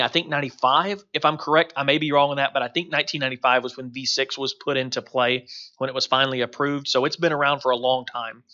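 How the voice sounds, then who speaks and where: A man's voice: medium pitch, bright, forceful tone, dull audio. A man teaching a recorded course lecture over slides, talking loosely with many fillers and restarts. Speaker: instructor.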